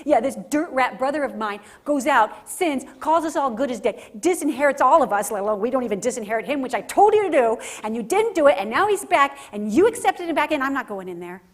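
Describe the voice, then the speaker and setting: A woman's voice: medium pitch, moderate pace, close to an everyday voice. A woman playing an outraged older brother. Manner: loud, incredulous outburst. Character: resentful older brother, indignant young man.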